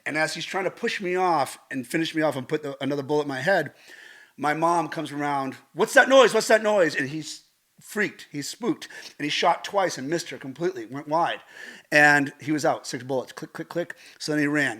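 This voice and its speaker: Animated American man telling a wild story. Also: a little high, brisk. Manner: animated, acts out quotes, swears casually. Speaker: guest, stunt coordinator. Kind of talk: vivid storytelling.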